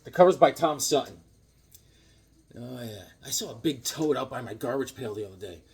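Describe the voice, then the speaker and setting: A man's voice: mid-range voice, animated, normal speed, a little mellow. A man rambling through his comic book haul in a casual vlog, cracking jokes and interrupting himself. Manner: jokey, rambling, self-interrupting.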